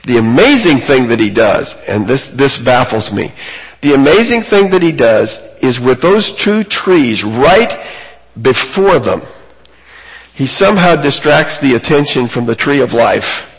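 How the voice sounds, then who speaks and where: Male preacher, slow and husky, earnest sermon delivery, long hall reverb. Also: sing-song. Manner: earnest, emphatic, rises in pitch on key points.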